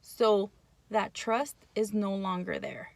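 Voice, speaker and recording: A woman's voice: medium pitch, lively intonation, slow, dry recording. A woman giving a casual, explanatory talk on parenting, speaking bluntly and often checking in with "right?". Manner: conversational, checks in with frequent "right?".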